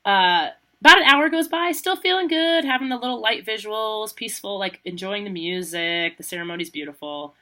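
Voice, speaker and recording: A woman co-hosting a podcast, telling a personal story in a chatty, animated way, laughing often and saying "like" a lot. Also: mid-range voice, a little fast, few pauses. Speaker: podcast co-host. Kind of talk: casual storytelling chat.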